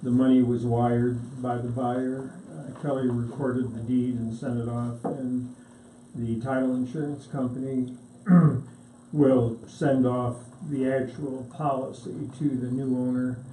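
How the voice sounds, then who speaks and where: A man serving as county attorney, giving a measured, matter-of-fact report at a board meeting. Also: mid-range voice, little pitch movement, dark tone. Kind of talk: reporting legal items. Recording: echoey room, faint hiss.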